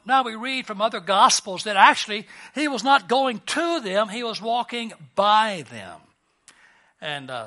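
Bright high-voiced male preacher. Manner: conversational and lightly joking, with frequent restarts. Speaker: pastor. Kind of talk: sermon.

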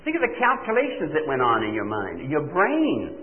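Animated older man preaching, tinny sound. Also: fairly high pitch, moderate pace, a little hiss or hum. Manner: animated, asks rhetorical questions, mimics listeners' replies. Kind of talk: sermon. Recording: tinny phone-like recording.

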